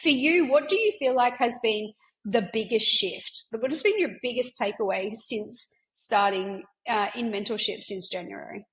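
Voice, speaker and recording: A woman's voice: fairly high pitch, normal speed, a bit bright, low-quality recording. Emphatic, encouraging woman mentor. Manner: emphatic and encouraging, with frequent fillers and occasional swearing. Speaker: business mentor and podcast host. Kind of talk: casual conversational coaching chat.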